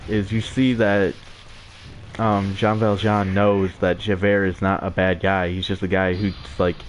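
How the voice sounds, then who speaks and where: A man's voice: low voice, a little hiss or hum. A young man giving casual, rambling commentary over his gameplay, with frequent filler words and chuckles. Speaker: let's play gamer.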